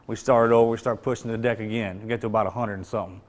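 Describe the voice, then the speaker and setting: Fast, intense male motivational speaker. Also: on the low side, steady tone. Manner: intense, emphatic, street-casual phrasing. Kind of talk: storytelling speech.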